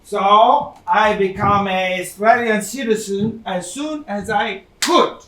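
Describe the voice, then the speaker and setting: An actor playing a proud older Italian immigrant man on stage, speaking animated broken English with an Italian accent. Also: sits high, slow, a little hiss or hum, exaggerated voice. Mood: bitter. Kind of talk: stage play acting. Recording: echoey theatre stage from far off.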